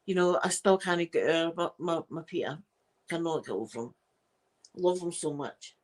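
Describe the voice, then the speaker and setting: A middle-aged woman with a Scottish accent, hosting a live stream and chatting casually to viewers in an animated, self-mocking way. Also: low-pitched, normal speed. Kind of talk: casual chat storytelling to viewers.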